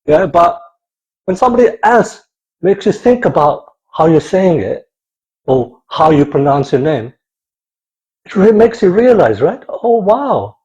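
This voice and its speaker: A man telling a comic story in an animated, digressive way, full of exclamations. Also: high voice, unhurried, highs cut off. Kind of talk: comic monologue.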